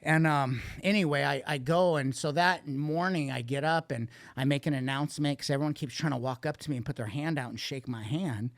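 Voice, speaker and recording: A man's voice: fairly high pitch, brisk, few pauses, no echo, clean studio sound. A man guest on a podcast, candidly telling a rambling, profanity-laced story about addiction and recovery. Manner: profane, blunt, rambling with restarts.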